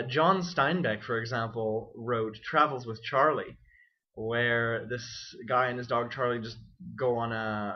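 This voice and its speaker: A young man and student, talking in a wry, self-deprecating and rambling way in a casual vlog. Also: medium pitch. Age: young adult. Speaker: student vlogger. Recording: dull lo-fi webcam audio.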